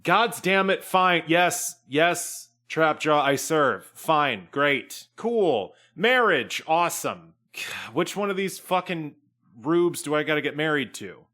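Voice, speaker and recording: A man doing a brash, high-pitched shapeshifter woman. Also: normal speed, a bit bright, smooth, close to an everyday voice. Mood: grudging. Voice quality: high, laughing, exasperated. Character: brash young woman shapeshifter, mocking and loud.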